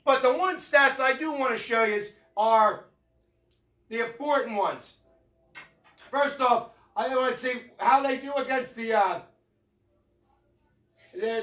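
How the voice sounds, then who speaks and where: Male sports fan host, very high and sharp-toned, loud rambling rant. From Philadelphia area. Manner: fired-up, shouting, rambling. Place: tavern.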